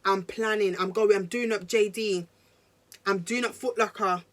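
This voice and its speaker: A young woman, telling a story to camera in casual slang, animated and talking straight to her viewers. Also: mid-range voice, normal speed. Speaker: vlogger.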